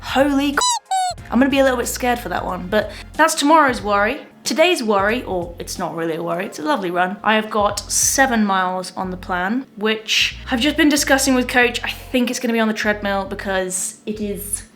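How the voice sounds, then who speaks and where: A woman's voice: medium pitch, expressive, a little fast, fairly bright tone, soft background music. A young woman chatting playfully to her own handheld camera at a mountain training base, joking at her own expense. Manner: chatty, playful and self-mocking. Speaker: marathon runner vlogger. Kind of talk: casual vlog chat to camera. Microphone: handheld camera mic.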